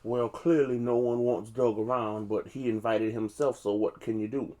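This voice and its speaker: A man's voice: mid-range voice, steady tone, normal speed, hardly any pauses, mellow. A man casually retelling a film's plot as a reviewer, chatty and loose, with frequent conversational asides. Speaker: movie reviewer. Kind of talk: casual movie plot recap.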